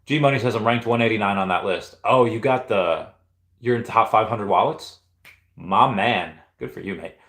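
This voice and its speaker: A man's voice: lowish voice, a bit bright, reverberant. A man in his thirties, originally from Peru, chatting casually on a live stream and reading out comments, rambling with many restarts. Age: 30s. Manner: rambling, halting, lots of restarts.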